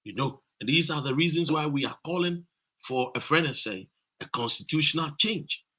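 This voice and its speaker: A Ghanaian man livestreaming from a street demonstration, rousing viewers with repeated calls and shout-outs. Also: on the high side, moderate pace. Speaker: activist streaming a demonstration. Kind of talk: live-streamed rally talk.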